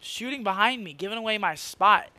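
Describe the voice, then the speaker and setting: Young man, gaming commentary, high voice, sharp bright tone, excitable, swears constantly. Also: a little fast, clean tone, dry recording. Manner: excitable, swears a lot, rants and laughs. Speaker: gaming YouTuber. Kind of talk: casual gameplay commentary.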